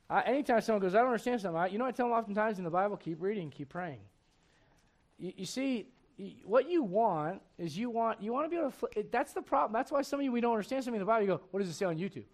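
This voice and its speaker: A male pastor preaching at a midweek Bible study, raised in a Spanish-speaking home, getting animated on his points and reading scripture aloud. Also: high-pitched, fast. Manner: animated, rising and loud on emphatic points, reads scripture aloud.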